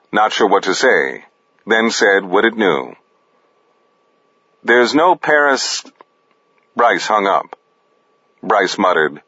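Dry, unhurried male audiobook narrator with a low voice. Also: bright, forceful tone, husky, no echo. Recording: dull, dry close recording.

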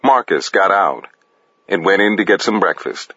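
A man narrating a crime story in a dry, unhurried manner. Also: sits low, lively intonation, pushed and bright, breathy edge, dry recording. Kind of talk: audiobook narration. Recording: dull, dry close recording.

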